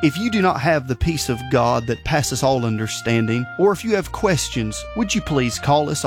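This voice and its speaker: A man reading a scripted announcement for a religious radio program, earnest and measured, slowing down for phone numbers. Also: medium pitch, expressive. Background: guitar music.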